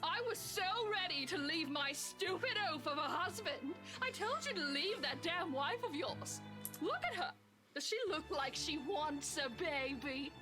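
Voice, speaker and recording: Game voice: a shrill, accusing pregnant mistress, very high, over loud game music. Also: female voice, lively intonation, a little slow. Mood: furious. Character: furious pregnant young mistress, desperate and bitter.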